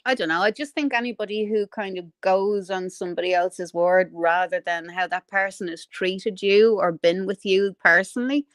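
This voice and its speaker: A woman's voice: mid-range voice, steady tone, normal speed, few pauses, no room sound, studio quality. A woman with a Dublin Irish accent, chatting casually and greeting viewers as co-host of a livestream. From Ireland. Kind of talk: casual chat.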